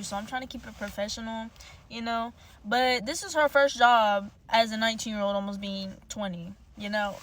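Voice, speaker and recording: A woman's voice: a little high, a little hiss or hum. A young woman telling a storytime monologue, heated, profane and rambling.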